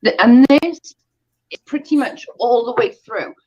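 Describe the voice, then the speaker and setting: Slow emphatic woman hosting a stream. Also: a little high, darkish tone. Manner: exasperated, emphatic, repeats points. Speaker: host of commentary stream. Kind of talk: casual commentary chat. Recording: dull lo-fi stream audio.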